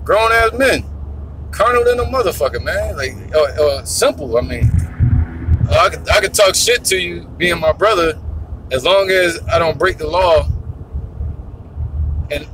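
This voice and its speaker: A man talks scripture in a loose, rambling way, swearing as he goes and speaking bluntly. His voice sits a little high. Faint road noise hums behind him. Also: animated, moderate pace, fairly bright tone. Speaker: religious teacher. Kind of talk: casual preaching monologue.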